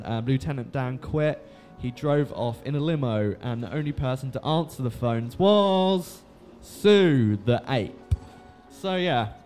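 A young man with a mid-range, darkish voice recaps a book in a loose, rambling way. He swears freely and fills the gaps with "um" and "like."

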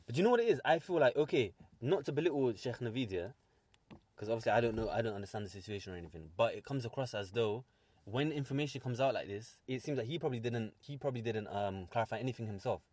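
A man's voice: medium pitch, fast, darkish tone. A man in casual religious discussion, emphatic and often asking whether he is understood.

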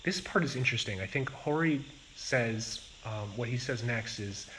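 A man as a Zen teacher giving a dharma talk, speaking in a slow and reflective way with pauses. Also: medium pitch, lively intonation, fairly bright tone, a little hiss or hum, low-quality recording.

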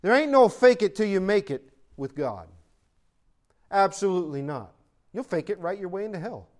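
High-voiced man preaching a sermon. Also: animated. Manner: preaching with emphatic rises and hushed asides; reads scripture in slow, deliberate cadence. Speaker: pastor.

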